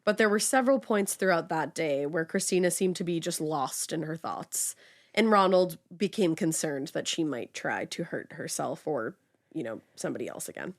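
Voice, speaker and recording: A woman's voice: low-pitched, moderate pace. A woman co-hosting a casual true-crime chat, telling the story with lots of fillers. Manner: chatty storytelling with many fillers. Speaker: podcast co-host telling the story.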